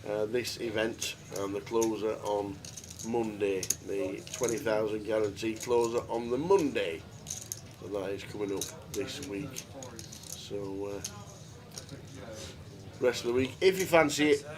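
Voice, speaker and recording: A man's voice: fairly low pitch, a little slow, background noise. A man doing live poker commentary, chatty and jokey, with rambling asides. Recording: crowd chatter of a live card room.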